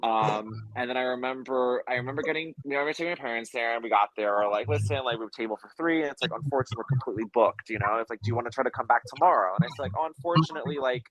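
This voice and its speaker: A man's voice: medium pitch, rapid-fire, few pauses, a bit bright, no room sound, poor audio. Young man telling a rambling story. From United States. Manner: rambling storyteller, many fillers. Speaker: guest. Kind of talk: casual chat.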